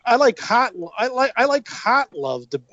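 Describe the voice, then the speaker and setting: A man's voice: very high voice, big pitch swings, normal speed, pushed and bright, no room sound, dull audio. A man with a New York accent, rambling through a story as a podcast guest, repeating himself and laughing as he goes. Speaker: guest, longtime fan. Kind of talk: casual chat, storytelling.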